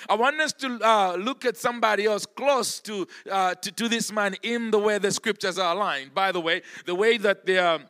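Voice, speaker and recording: A man's voice: high voice, bright, forceful tone. A male pastor preaching a church sermon, emphatic and driving his points home by repeating key words. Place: church service.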